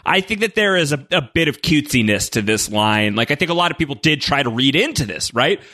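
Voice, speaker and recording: A bright, lively male voice with a slightly raised pitch, from a co-host in a casual podcast. He rambles in an animated way and uses many fillers. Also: a little fast. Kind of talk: casual chat.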